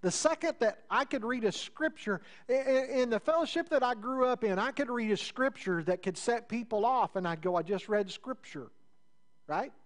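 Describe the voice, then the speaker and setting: A man preaching a sermon in a conversational way, building up with rising emphasis and then dropping into low, quiet asides. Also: normal speed. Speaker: pastor.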